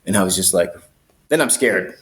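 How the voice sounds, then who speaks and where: A man, a podcast guest, telling a story in a casual, animated way, swearing freely and acting out the people in it. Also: low-pitched, normal speed. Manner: animated, profane, acts out voices.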